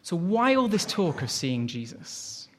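Male preacher, sermon delivery, slightly high-pitched, expressive, asks rhetorical questions. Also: unhurried, a little hiss or hum. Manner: expressive, rhetorical questions, reads scripture aloud.

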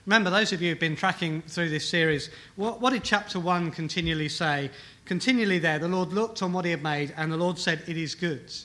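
A man preaching a sermon with a bright, forceful voice set a little high. He leans on key phrases and repeats them. He often asks the room rhetorical questions. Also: fairly quick. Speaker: pastor. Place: church hall with congregation.

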